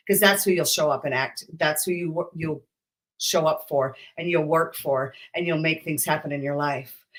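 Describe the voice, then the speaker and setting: Sassy hyped-up lady coach talking straight at you, motivational live stream. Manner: high-energy, emphatic, sassy, talks straight to the viewer. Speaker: business coach.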